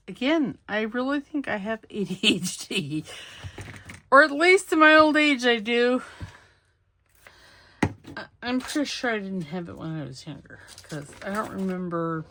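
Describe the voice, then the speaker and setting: A woman's voice: on the high side, expressive, unhurried, a bit bright, slight background noise. A middle-aged woman chatting casually to herself as she works on a craft project, self-deprecating and rambling. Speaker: crafting channel host. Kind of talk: casual chat while crafting.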